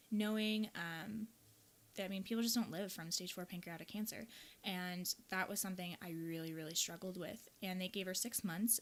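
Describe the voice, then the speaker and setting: A young woman from the American Midwest, a yoga teacher hosting a podcast, telling a personal story in a candid, earnest, reflective way. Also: mid-range voice.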